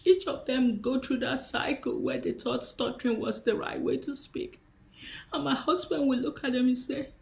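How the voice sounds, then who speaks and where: A woman's voice: sits high, moderate pace, creaky, darkish tone. A woman preacher giving a spiritual teaching, impassioned and emphatic, repeating her key phrases.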